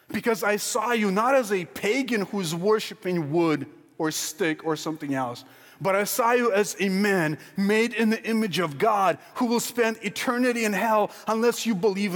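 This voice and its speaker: A pastor preaching a sermon to his congregation, asking question after question and swinging from near-shouts down to quiet, slow lines. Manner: emphatic, questioning, rising to near-shouts then dropping low. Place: church sanctuary. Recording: long hall reverb.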